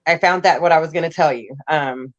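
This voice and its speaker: A woman's voice: deep voice, a little fast, highs cut off. A woman telling her life story in a casual interview, blunt and raw, rambling with restarts.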